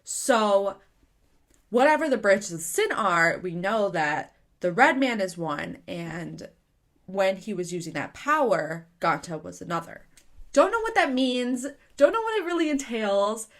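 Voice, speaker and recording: A young woman talks through her reactions in a loose, chatty review. Her voice sits at an ordinary middle pitch. She rambles with plenty of fillers and rhetorical questions and gets excited easily. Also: measured pace. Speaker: manga reviewer. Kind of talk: casual spoken review.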